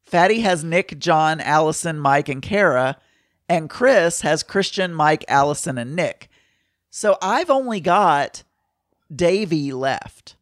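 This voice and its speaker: A man with a fairly high voice talks through points in a relaxed podcast chat. The recording is dry and close, with no room sound around him. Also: slow, no room sound. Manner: chatty, explains scores step by step. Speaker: podcast co-host. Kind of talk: casual chat about a reality show fantasy game.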